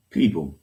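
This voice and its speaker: A man's voice: darkish tone, a little hiss or hum. A man in his thirties delivering a heated rant straight to his viewers. He swears, repeats himself and keeps calling them "folks". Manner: agitated, swearing, repeats himself, pitch swings high when angry. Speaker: online content creator. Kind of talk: heated direct-to-camera rant.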